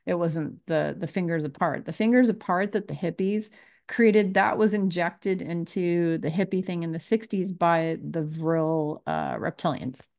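Lady spiritual teacher talking to camera, kinda low voice, keeps asking the same thing over and over. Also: measured pace, a little mellow. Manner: earnest, repeats questions, acts out quotes. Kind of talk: casual spiritual talk to camera.

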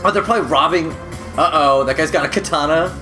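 A man co-hosting a casual let's play, excitably explaining the game and its controls and laughing often. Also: on the high side, fast. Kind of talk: casual gameplay commentary. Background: game music.

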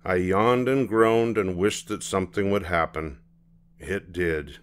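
An older man reading a children's storybook aloud in a gentle, expressive manner. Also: low voice, a little slow, smooth. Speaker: storybook reader.

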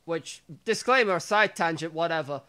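A man's voice: on the high side, moderate pace, bright, forceful tone, smooth. A man co-hosting a podcast in casual chat, rambling and restarting his sentences, swearing casually. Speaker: podcast co-host.

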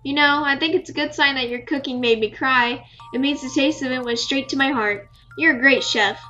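A woman's voice: high voice, fairly quick, pushed and bright, dull audio, faint music behind. A woman voicing a shy young heroine in a visual novel, speaking hesitantly and stammering at times. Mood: touched. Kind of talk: reading a visual novel aloud.

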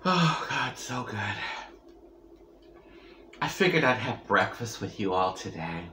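A woman's voice: a bass voice, big pitch swings, slow, bright, forceful tone, a little hiss or hum. A woman chatting playfully to her viewers while eating, cracking jokes and humming over each bite. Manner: playful, joking, savoring bites with long hums. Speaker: mukbang vlogger. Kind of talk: casual eating vlog chat. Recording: roomy echo.

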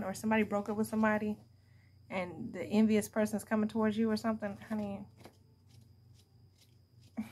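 A woman's voice: mid-range voice, a little mellow, slight background noise. A young adult woman giving a casual tarot reading to her viewers, blunt and profane, laughing often as she talks. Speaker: tarot card reader.

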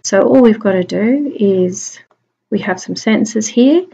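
A woman's voice: mid-range voice, unhurried, gravelly, mellow, a little hiss or hum. A woman teacher giving a spelling lesson online, sounding out words phoneme by phoneme in a chatty, encouraging way. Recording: dull lo-fi home recording.

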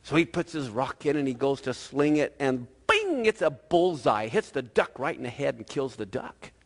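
A male pastor preaching a sermon in a lively, conversational storytelling manner. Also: medium pitch, moderate pace, big-room sound.

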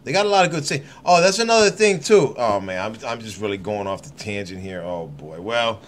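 A man's voice: fairly low pitch, expressive, brisk. A man reading scripture aloud on his channel, breaking off into rambling, irreverent asides with frequent laughter. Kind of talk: casual scripture reading with running commentary.

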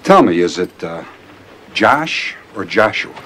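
A calm, menacing villain from a TV western. His voice sits very low and deep, and he keeps every word polite, measured and deliberate. Faint ambience hangs behind him. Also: a little hiss or hum, heavily acted. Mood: cold menace. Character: cold, soft-spoken, vengeful older male lawman villain. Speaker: villain, a lawman holding a captive. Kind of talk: 1990s TV western acting.

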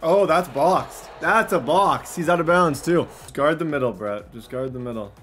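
A young man giving excited commentary on his own video game, shouting at big plays and repeating himself. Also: fairly high pitch, normal speed, faint music behind.

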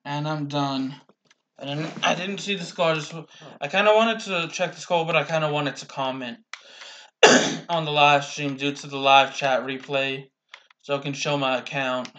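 A young man casually commentating his own gameplay, rambling slowly with restarts, bothered by hiccups and coughs. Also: a little high, steady tone, sharp tone, slight background noise.

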